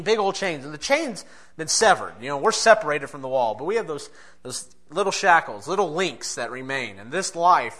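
A man's voice: fairly high pitch, a bit bright. A man preaching a sermon, earnest and direct, often asking his listeners questions and chuckling now and then.

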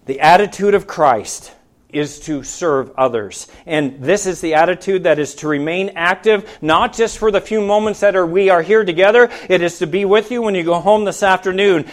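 In a church, a pastor with a notably high voice preaches to his congregation at normal speed, pressing them with one question after another. His sermon climbs to loud, emphatic peaks before sinking into soft, low asides.

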